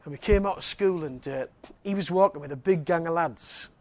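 High-voiced preacher telling stories. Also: male voice, brisk. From Northeast England. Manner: laughing, animated storyteller with frequent restarts. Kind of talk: sermon with a personal story.

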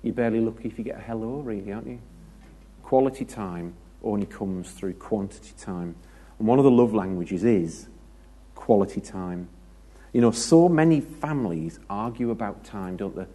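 A man's voice: lowish voice, normal speed, mellow, slightly rough. A British man preaching a conversational sermon, chatty and joking, with anecdotes and asides to the congregation.

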